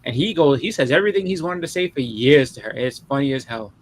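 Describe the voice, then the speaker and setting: A man's voice: medium pitch, expressive, fast, a little hiss or hum. A man in casual chat as a podcast co-host, rambling and repeating words as he acts out quotes.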